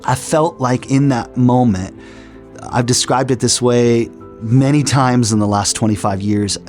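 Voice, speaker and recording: A man's voice: mid-range voice, fairly even intonation, a little slow. A middle-aged man telling his personal testimony in an earnest storytelling way, with frequent restarts. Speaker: testimony speaker. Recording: soft music underneath.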